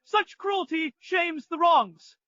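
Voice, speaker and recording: An actor playing an arrogant young husband, indignant and blustering. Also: male voice, very high-pitched, takes it slowly, bright, forceful tone, no echo, highs cut off, heavily acted. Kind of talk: dubbed drama acting.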